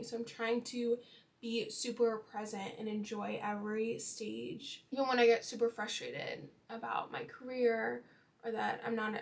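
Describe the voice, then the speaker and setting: A woman's voice: on the high side, gravelly. Chatty young woman doing her makeup. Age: 20s. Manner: chatty, lots of fillers. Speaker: beauty vlogger. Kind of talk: casual chat while doing makeup.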